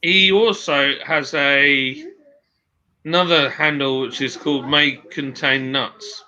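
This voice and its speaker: A man's voice: mid-range voice, slow, pushed and bright. A man hosting a casual livestream chat, reading viewer comments aloud in a chatty way. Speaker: host. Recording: dull lo-fi stream audio.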